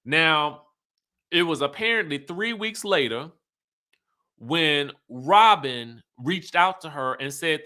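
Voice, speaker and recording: A man hosting an online show, recapping in animated, chatty talk with emphatic asides. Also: a little high, slow pace. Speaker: YouTube host recapping reality TV. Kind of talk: casual chat.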